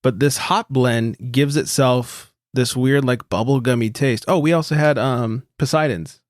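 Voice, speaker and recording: A man co-hosting a podcast in loose, casual chat. He swears freely and laughs easily, at a middle pitch. His voice sounds dry and close, with no room around it. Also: measured pace, no echo. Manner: laid-back, swears freely, laughs often. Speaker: podcast co-host.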